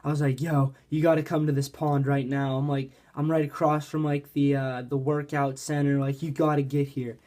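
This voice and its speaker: A man's voice: fairly high pitch, level tone, normal speed, hardly any pauses, warm tone. A man from Pennsylvania telling a fishing story in a casual, rambling way, saying "like" constantly. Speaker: fishing vlogger.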